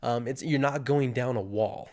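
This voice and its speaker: A man with a mid-range voice tells a story in a relaxed, chatty way. He brings the moments to life, slipping into his own worried inner voice, and now and then he stumbles over his words. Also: mid-range voice, normal speed. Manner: animated, acts out his own panicked inner voice. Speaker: guest sharing his testimony. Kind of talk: casual storytelling.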